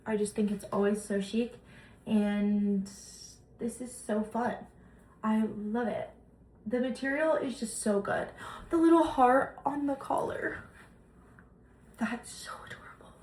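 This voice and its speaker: A young woman chatting excitedly as she unboxes gifts for her vlog, gushing over each item. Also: a little high, unhurried. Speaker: lifestyle vlogger. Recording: echoey room, noisy background.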